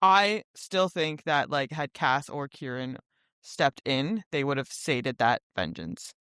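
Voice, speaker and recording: A woman's voice: extremely low pitch, lively intonation, slow, a bit bright, clean tone, dry recording, studio quality. A woman co-hosting a book podcast, reading a first-person passage aloud plainly and then discussing it. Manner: reads aloud plainly, short agreeing replies. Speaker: podcast co-host.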